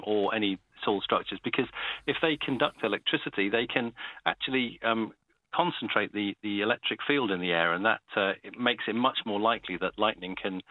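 A male meteorology professor talks through his answers in a low voice, stopping and restarting as he explains. The sound is dry and slightly muffled, like a radio line. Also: no echo. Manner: halting, many restarts, explanatory.

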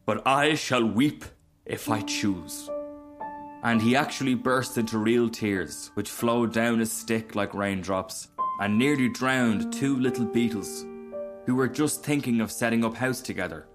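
A man narrates a fairy tale aloud, measured and expressive, with a middle pitch. Faint music plays softly behind his reading. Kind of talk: storybook reading.

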